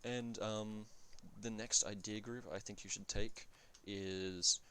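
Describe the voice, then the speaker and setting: A man's voice: lowish voice, steady tone, slow, pushed and bright, slight background noise. A man giving casual commentary on a strategy game, thinking aloud and often correcting himself mid-sentence with fillers. He talks in an offhand, blunt way and swears now and then.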